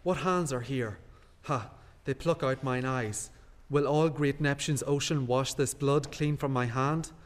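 A man's voice: medium pitch, measured pace, few pauses, lightly acted. Macbeth, a man playing a guilt-haunted nobleman. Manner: haunted, hushed and brooding. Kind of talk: classical stage acting. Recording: long hall reverb.

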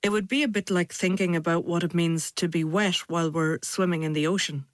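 Woman host, lowish voice, dry studio sound, measured narration. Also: fairly even intonation, no room sound. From Ireland. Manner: measured, thoughtful. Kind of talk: interviewing and scripted narration.

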